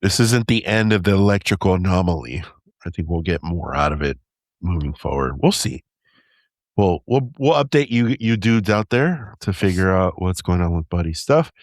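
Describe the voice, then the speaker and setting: Deep-voiced, animated podcast host. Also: male voice, moderate pace, dry recording, studio quality. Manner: animated, jokey, slangy. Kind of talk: casual chat.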